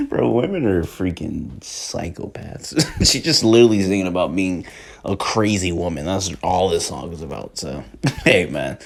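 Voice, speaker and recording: A young man talking casually and excitedly about music as a reviewer, rambling in slang. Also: sits low, moderate pace, vocal fry. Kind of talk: casual chat.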